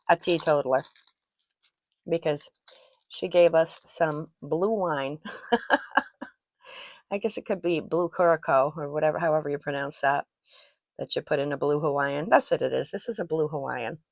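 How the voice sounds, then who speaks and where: A woman's voice: low-pitched, lively intonation, measured pace, long pauses, no room sound. A woman hosting her own jewelry channel, chatting casually and gushing over each piece, with self-deprecating asides, on a personal microphone. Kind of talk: casual show-and-tell chat. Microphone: personal microphone worn while talking.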